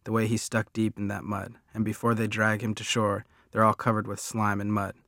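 Narrador de audiolibro de voz grave y monótona. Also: male voice, lowish voice, flat delivery, fairly quick, a bit bright, no echo, clean studio sound. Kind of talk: first-person audiobook narration.

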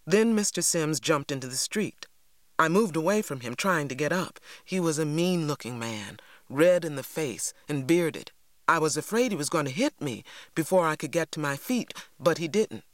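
A reader narrating a novel in a measured, dramatic storytelling manner. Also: medium pitch, animated, no room sound, clean studio sound. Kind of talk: audiobook narration.

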